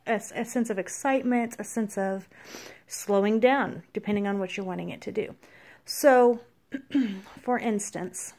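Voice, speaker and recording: A woman dog trainer giving an instructional tip in a calm, explanatory way, pausing often with small fillers. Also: medium pitch. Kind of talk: instructional how-to talk.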